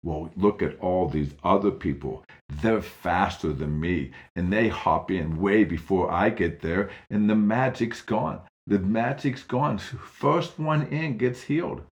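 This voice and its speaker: A man's voice: sits low, slow pace, few pauses. A man voicing a bitter, grumbling lame man who complains that nobody helps him, in a storybook tale.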